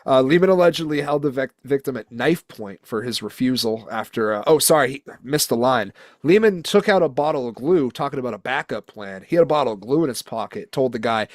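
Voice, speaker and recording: A man's voice: mid-range voice, animated, a little fast, hardly any pauses, no room sound. Young guy cohost riffing on weird headlines, swears a lot, dry close sound. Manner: profane, joking storyteller reading headlines aloud. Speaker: podcast co-host. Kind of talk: casual chat.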